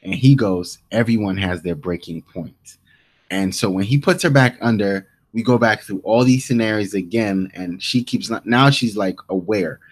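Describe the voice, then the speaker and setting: Guy on a podcast, lowish voice, rambling through the episode, keeps restarting. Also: moderate pace, few pauses. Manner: rambling recap with quoted lines and many restarts. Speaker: podcast co-host. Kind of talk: casual episode recap.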